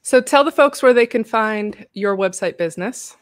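An American woman hosting a casual live chat show, talking chattily with frequent laughs and animated asides. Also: mid-range voice, moderate pace, dry recording, clean studio sound. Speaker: host.

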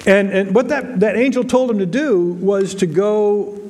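A pastor with a high, light voice preaches in an easy, talky way to his congregation. He repeats himself, restarts phrases and slips into voices for the people he quotes. The sound carries a long reverb from the church sanctuary. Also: unhurried, a little mellow. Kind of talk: sermon. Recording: reverberant hall.

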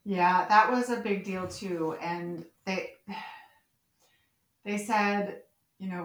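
A woman's voice: fairly low pitch, very slow, reverberant. A woman co-hosting a podcast, chatting casually and acting out the characters' lines as she recaps scenes. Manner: animated, quotes characters as she retells scenes. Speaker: podcast co-host. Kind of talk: casual chat recapping a soap opera.

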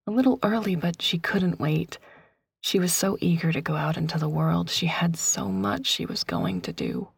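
A woman reads a first-person story in a hushed, grieving voice that keeps sinking into a whisper. Her tone sits low and gravelly with a husky breath over it, and she takes her time. The sound is dry and close. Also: animated, normal speed, no room sound. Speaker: narrator. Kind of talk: scripted story narration.

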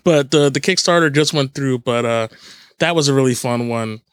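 A man hosting a podcast, chatting casually and rambling, quick to laugh. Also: mid-range voice, smooth, no echo. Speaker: podcast host.

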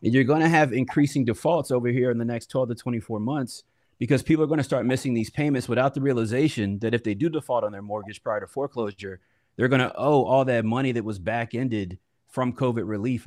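A man lays out his concerns earnestly during a debate, talking fast. His voice is mid-pitched, and the sound is dry with little room. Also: darkish tone, no room sound. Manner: earnest, explanatory. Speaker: real estate panelist. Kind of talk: panel debate.

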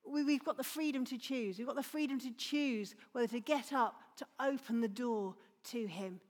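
A woman's voice: a little high, normal speed. A woman giving an earnest, exhorting response after a sermon in a church. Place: church hall. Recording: reverberant church hall.

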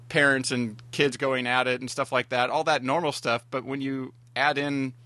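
Man co-host, rambling casual talker, bright forceful tone. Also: mid-range voice. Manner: rambling, many fillers and restarts. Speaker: podcast co-host. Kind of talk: casual TV review chat.

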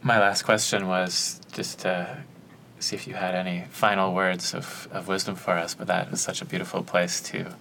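A man hosts a podcast in a very deep, gravelly voice with a bright edge. He speaks softly and flatly, with a faint rumble in the background. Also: moderate pace, hardly any pauses. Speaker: podcast host.

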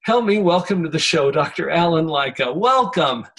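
Higher-voiced male radio host. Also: animated, normal speed. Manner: warmly introducing, brief affirmations. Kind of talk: interview hosting.

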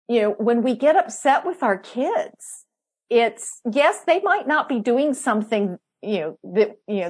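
A middle-aged woman hosts a relaxed podcast conversation, her voice a touch husky and pitched a little high. She tells stories in a chatty way, laughing often and mimicking what she once said. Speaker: podcast host. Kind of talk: casual chat.

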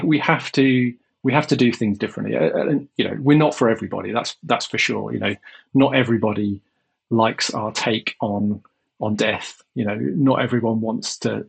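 Male interview guest, gravelly rough voice, earnest and measured, explains at length. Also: fairly low pitch, poor audio. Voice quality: gravelly and husky. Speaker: guest, life insurance company representative. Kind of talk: interview answers.

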